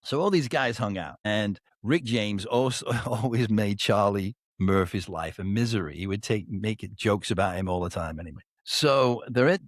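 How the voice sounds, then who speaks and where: A man telling stories casually as a podcast guest, animated and swearing freely, acting out other people's voices. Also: lowish voice, normal speed, hardly any pauses, no echo. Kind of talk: casual storytelling chat.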